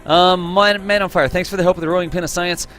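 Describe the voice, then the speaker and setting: A man with a slightly high voice hosts a live stream from his home setup and talks loosely with his chat. He greets viewers by name, teases them and laughs easily. Soft music plays faintly in the background. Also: fairly even intonation, fast.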